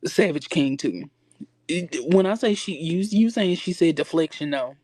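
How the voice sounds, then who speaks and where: A man's voice: a little high, expressive, moderate pace, darkish tone, no echo, clean studio sound. A man hosting a casual livestream chat, sassy and rambling, often stopping himself to get back on track. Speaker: livestream host. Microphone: phone.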